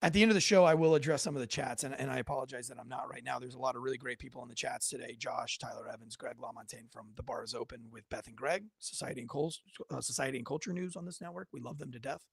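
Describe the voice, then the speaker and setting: A man's voice: mid-range voice, quick pace, gravelly, hardly any pauses, slightly rough, dry recording, studio quality. A man hosting a casual news commentary show from home, rambling with sarcastic asides and frequent self-corrections.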